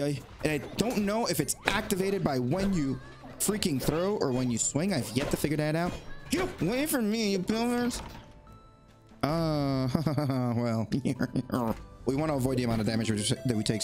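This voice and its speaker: Excitable gamer man over game music. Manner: excitable, talks to the game, sudden high yelps when panicking. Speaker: gaming YouTuber. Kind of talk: let's play commentary.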